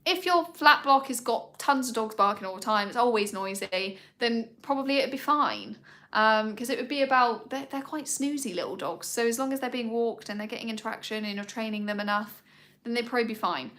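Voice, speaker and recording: Speaking fairly quickly in a bright, forceful voice, a dog owner runs a casual live-stream Q&A about her dogs. Her talk wanders, sprinkled with plenty of ums, and she breaks into a high-pitched coo whenever she addresses the dogs.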